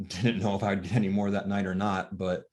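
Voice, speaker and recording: A man recounting a painful family story as a father, talking softly and haltingly with many pauses and fillers, sounding worn and tired. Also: sits low, flat delivery. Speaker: grieving father telling his story. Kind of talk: emotional personal storytelling.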